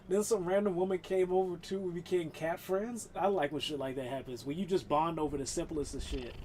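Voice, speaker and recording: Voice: medium pitch, steady tone, moderate pace, a little mellow, a little hiss or hum. A live streamer chatting casually while gaming, rambling and swearing, laughing often.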